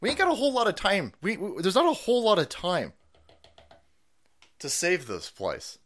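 A middle-aged man hosts a live stream with a profane, fed-up rant. His voice sits a touch high and leaps all over the place, dropping to exasperated mutters and then bursting out loud and animated. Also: moderate pace. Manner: foul-mouthed, exasperated, swings between mutters and outbursts. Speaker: political streamer.

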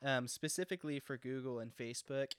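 A man's voice: medium pitch, fairly even intonation, a little fast, a bit bright, slight background noise. A young man from Texas co-hosting a podcast, rambling casually with lots of "like" and swearing. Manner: rambling, profane, lots of fillers. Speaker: podcast co-host. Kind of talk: casual political chat.

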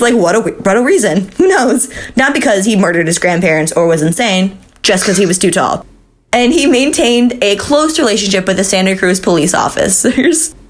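Woman cohost on a true crime pod, super casual, lots of um and like, swears a bunch. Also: mid-range voice. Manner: swearing, laughing, chatty with fillers. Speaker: podcast co-host.

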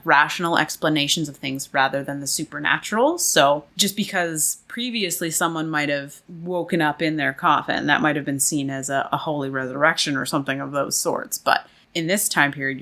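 Low-voiced woman with a bright tone. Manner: chatty storyteller, relaxed and conversational. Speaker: podcast host. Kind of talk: casual explanatory podcast chat.

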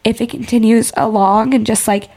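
A woman's voice: on the high side, fairly even intonation, moderate pace, darkish tone. A woman in her twenties co-hosting a podcast in candid, casual chat, full of fillers and sounding congested. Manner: open and candid, many "like" fillers. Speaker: podcast co-host.

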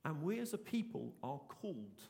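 A man's voice: fairly high pitch, big pitch swings, normal speed, gravelly, dark tone, big-room sound. A man, preaching a sermon in an earnest, emphatic way and repeating his key phrases. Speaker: pastor.

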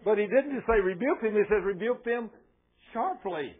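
A man's voice: sits high, animated, moderate pace, breathy edge. A man preaching a folksy sermon, telling stories with self-mocking, chuckling asides. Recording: tinny phone-like radio sound.

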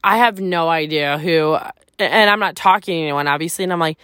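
A woman's voice: low-pitched, brisk, a bit bright, clean tone, no room sound, clean studio sound. A woman hosting her own podcast, telling a personal story in a casual, chatty way, filling her talk with "like" and swearing freely. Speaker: podcast host. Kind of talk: candid storytelling monologue.

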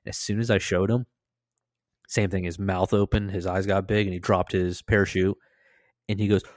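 A man casually telling a story on a podcast, laughing, swearing and acting out loud shouted quotes. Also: moderate pace, no echo. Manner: animated, acts out quoted voices with loud high shouts.

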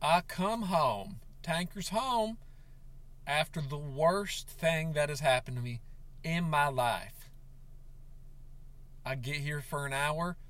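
A man ranting in a comedic confessional vlog, overwrought and tearful, breaking into sobs and shouts. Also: a little high, slow, long pauses. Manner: overwrought, sobbing and shouting in bursts. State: tearful, on the verge of crying. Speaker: comedic vlogger.

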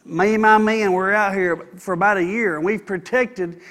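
A man's voice: sits high, steady tone, moderate pace, fairly bright tone. A man preaching a sermon in a folksy, conversational way, with asides to the congregation. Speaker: pastor.

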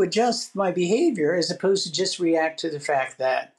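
Reflective man with a higher voice. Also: expressive, normal speed. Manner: reflective, acts out his own inner voice. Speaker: podcast co-host. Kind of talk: casual chat.

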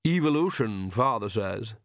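A man's voice: on the low side, animated, a little slow, no room sound, clean studio sound. Vlad, a smug young vampire, voiced by a man. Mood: smooth, amused. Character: polite young male vampire, smug and dandyish.

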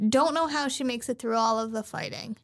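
A woman's voice: fairly high pitch, fairly quick. A young woman co-hosting a casual podcast, retelling an anime with lots of swearing and acted-out lines. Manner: profane, animated storyteller who acts out characters. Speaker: podcast co-host. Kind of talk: casual anime recap chat.

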